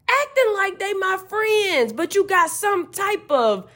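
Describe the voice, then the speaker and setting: Fiery, profane woman with a lively high voice. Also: slow, few pauses. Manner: profane, fiery, preachy and emphatic. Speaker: podcast host. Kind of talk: emphatic spiritual rant.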